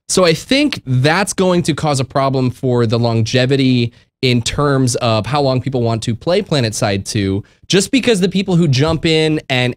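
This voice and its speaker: A man hosting a live call-in show, talking quickly and casually with frequent restarts and laughter. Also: mid-range voice, no room sound. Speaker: host.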